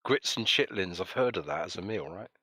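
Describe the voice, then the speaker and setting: Dry, low-voiced man hosting a call. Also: lively intonation, fairly quick, sharp tone, husky, no echo. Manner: jokey, rambling, reads chat comments aloud. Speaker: live stream host. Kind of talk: casual chat on a voice call.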